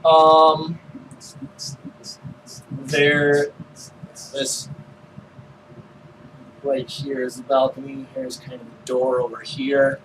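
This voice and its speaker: A man running a tabletop role-playing game, describing the scene in an unhurried, hesitant way with many fillers. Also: mid-range voice, level tone, fairly bright tone. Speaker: game master. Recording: distant mic with faint noise.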